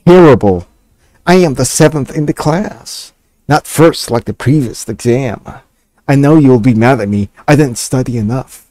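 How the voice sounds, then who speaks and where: A man voicing a glum, blunt thirteen-year-old girl in a game, raising his voice into a flat, sulky delivery. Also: medium pitch, a little slow, no room sound, lightly acted.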